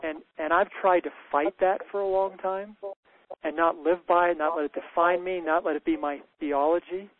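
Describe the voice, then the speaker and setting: A man's voice: on the high side, steady tone, normal speed, no echo. A man telling a candid personal story in conversation, earnest, often stammering and restarting. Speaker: men's retreat leader sharing a story. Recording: tinny phone-like dry sound.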